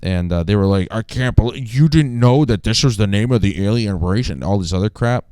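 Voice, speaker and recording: A man's voice: lowish voice, lively intonation, fairly quick, dark tone, clean tone, no room sound. A man co-hosting a podcast in casual gaming chat, telling stories and complaining wryly, with laughter, recorded in person. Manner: storytelling with wry complaints and laughter. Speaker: podcast co-host.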